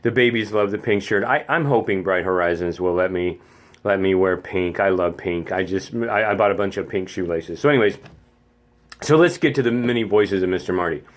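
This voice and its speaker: A man's voice: deep voice, brisk. A middle-aged man hosting a casual vlog as a zany, theatrical talker, slightly congested. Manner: chatty, theatrical, self-mocking. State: slightly congested, clearing throat. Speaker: vlog host, infant room caregiver.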